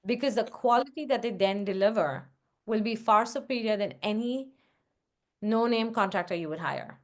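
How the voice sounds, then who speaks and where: A woman's voice: medium pitch, animated, moderate pace. A woman answering questions on a video call in a casual, practical way, with frequent "like" and "um". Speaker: guest investor.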